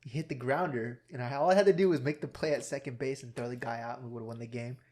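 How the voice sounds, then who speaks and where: A young man co-hosting a podcast, telling stories in a casual, profane and animated way. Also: mid-range voice, fast talker. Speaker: podcast co-host. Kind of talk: casual chat.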